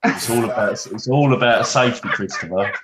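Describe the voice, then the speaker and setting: A man's voice: lowish voice, a little fast, background noise. A British man co-hosting a casual podcast, teasing his friends in laid-back slang. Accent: British English. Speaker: podcast co-host. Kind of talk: casual chat. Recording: echoey room.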